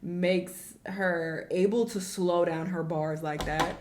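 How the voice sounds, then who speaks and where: A woman co-host calmly pushing back in a casual chat. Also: fairly low pitch, slow, background noise.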